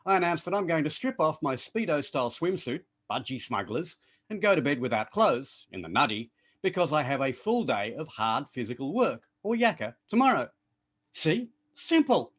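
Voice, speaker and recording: An Australian man giving a playful, explanatory prepared speech to an online club. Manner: playful, explanatory, lively pitch swings. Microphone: online call.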